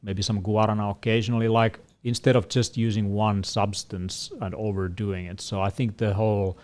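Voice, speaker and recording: A man co-hosting a casual Q&A, explaining things in a measured way with frequent fillers. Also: on the low side, flat delivery, darkish tone. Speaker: co-host answering questions. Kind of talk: casual panel Q&A.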